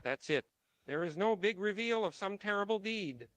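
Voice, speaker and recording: High-voiced man reading story narration. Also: animated, moderate pace, fairly bright tone, dry recording.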